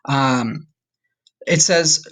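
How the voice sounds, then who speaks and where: A man's voice: medium pitch, very slow, fairly bright tone. A man teaching a recorded Spanish lesson to his class, friendly and checking in often with "okay?". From United States.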